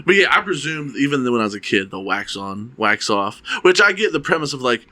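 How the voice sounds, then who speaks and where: Lively bright-voiced young man, giggly. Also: mid-range voice, a little fast, no echo. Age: young adult. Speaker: podcast co-host. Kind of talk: casual chat.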